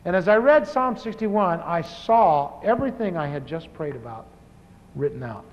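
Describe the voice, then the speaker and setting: A pastor in his fifties shares his testimony with humor, chatting as if among friends and often restarting sentences. His voice is high for a man, sing-song, at normal speed. It rings through a large hall on a dull, lo-fi tape.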